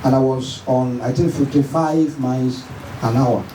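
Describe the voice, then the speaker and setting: A man's voice: medium pitch, fairly even intonation, unhurried, warm tone. Earnest Nigerian man telling a story. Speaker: son giving a tribute. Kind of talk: spoken tribute. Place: church or event hall at a memorial service. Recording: echoey hall, far from the mic, faint noise.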